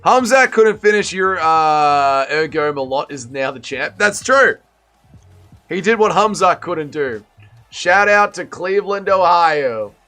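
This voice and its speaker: A young man hosts a casual livestream, reacting to a fight and reading out chat with loud excited bursts and low muttered asides. His voice sits fairly high and bright, leaping all over the place. Faint music plays behind him. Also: measured pace. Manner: excitable, swears often, swings between shouting and mumbling.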